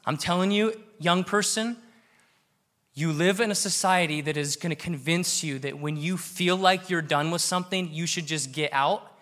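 Male pastor in his thirties, sermon delivery, earnest and emphatic, a bit higher-pitched voice. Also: moderate pace, fairly bright tone. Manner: earnest, building to emphatic exhortation.

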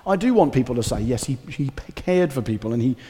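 A male pastor giving a conversational, animated sermon with casual asides. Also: mid-range voice, quick pace. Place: church hall. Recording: reverberant church hall.

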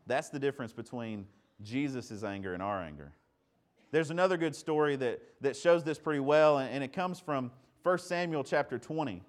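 A man's voice: medium pitch, expressive, normal speed. A man preaching a sermon in a conversational way, asking rhetorical questions and often repeating words. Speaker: pastor.

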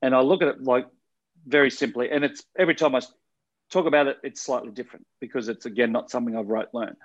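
A man talks through life values in a relaxed podcast conversation, earnest and frank, with the odd swear word. His voice sits mid-range and the recording sounds a little dull and lo-fi. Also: mid-range voice, fast talker. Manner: earnest, rambling, swears casually. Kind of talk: casual podcast chat.

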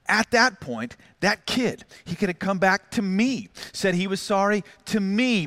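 A man's voice: high voice, fairly bright tone. A middle-aged man preaching a sermon as pastor, telling stories with acted quotes and self-mocking humor.

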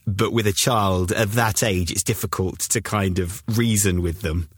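A man from the UK, co-hosting a podcast, telling stories in an animated way and laughing often. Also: on the low side, a little slow, husky, dry recording, clean studio sound. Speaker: podcast co-host. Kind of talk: casual chat.

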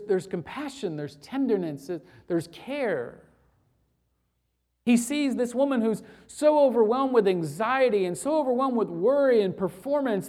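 Earnest conversational preacher, hushed to animated. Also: medium pitch. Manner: swings from hushed, intimate lines to loud, animated storytelling. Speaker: pastor. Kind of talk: sermon.

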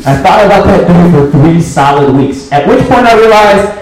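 A man doing a stand-up comedy set on a club stage, swearing freely and breaking into shouts for emphasis. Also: high-pitched, lively intonation, moderate pace, music in the background. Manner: profane, emphatic, bursts into shouting. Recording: echoey live room.

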